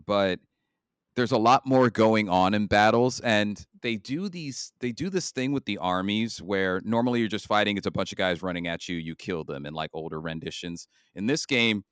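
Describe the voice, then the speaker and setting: A man's voice: sits low, fairly bright tone, clean tone, dry recording. A man co-hosting a casual gaming podcast, talking at length with many fillers and restarts. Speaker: podcast co-host.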